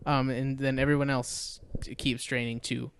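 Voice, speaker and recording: A man co-hosting a podcast, casually retelling a movie plot in a rambling, animated way with fillers and quoted voices. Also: medium pitch, normal speed, slight background noise. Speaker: podcast co-host. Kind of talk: casual movie recap chat.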